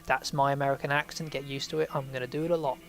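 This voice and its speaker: A man's voice: mid-range voice, little pitch movement, rapid-fire, a bit bright. A man giving casual, rambling gameplay commentary, swearing and joking at himself. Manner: rambling, swearing, self-mocking. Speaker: let's play host.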